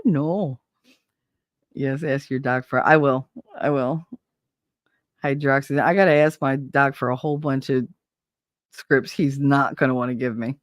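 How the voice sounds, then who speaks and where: A woman's voice: deep voice, no room sound, studio quality. A woman streamer in casual live-stream chat, rambling and candid, swearing freely and laughing often.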